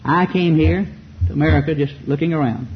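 His voice sits on the high side with a breathy edge, and he talks a little fast. He's a Southern US preacher giving a fiery sermon full of rhetorical questions and mocking asides, captured in a muffled recording with faint hiss.

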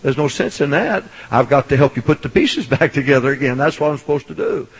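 A middle-aged man preaching a sermon as a Baptist pastor, swinging from loud hollering to soft storytelling. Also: on the high side, animated, fairly quick, slightly rough, rough recording.

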